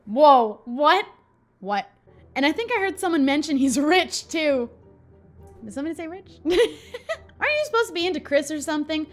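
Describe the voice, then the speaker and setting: Bubbly high-voiced girl doing a story game playthrough, jokey, voice bounces all over. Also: big pitch swings, moderate pace, long pauses, soft background music. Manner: bubbly, jokey, laughs often. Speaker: gaming video host.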